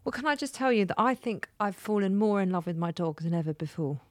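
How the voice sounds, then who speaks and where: A woman's voice: mid-range voice, lively intonation, fast, dry recording, studio quality. A woman co-hosting a podcast, teasing and giggly, steering the casual chat. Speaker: podcast co-host.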